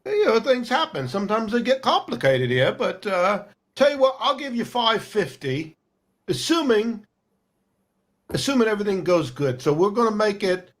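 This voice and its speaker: Man voicing a merchant boss, flattering, haggling, high-pitched, tabletop game. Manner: smooth-talking, haggling, calls everyone friends.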